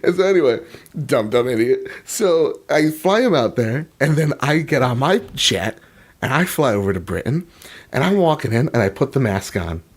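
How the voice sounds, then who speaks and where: Male co-host, animated and profane, rambling comic storyteller. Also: mid-range voice, moderate pace. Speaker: podcast co-host. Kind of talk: casual comedic chat.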